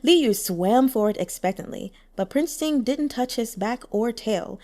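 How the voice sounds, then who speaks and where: A woman reading a novel aloud as an audiobook narrator, telling the story expressively. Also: unhurried. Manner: expressive storytelling with lively pitch. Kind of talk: scripted narration.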